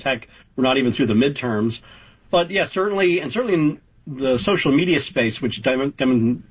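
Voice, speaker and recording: A man in his fifties, a political reporter, giving measured, analytical answers as a talk show guest, with frequent fillers. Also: medium pitch, breathy edge, rough recording. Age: 50s.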